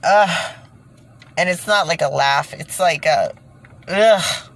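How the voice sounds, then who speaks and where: A woman's voice: low voice, normal speed, vocal fry, a bit bright, a little hiss or hum, rough recording. A woman ranting indignantly in a casual monologue to her viewers, breaking off with sighs and nervous laughs. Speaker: vlogger.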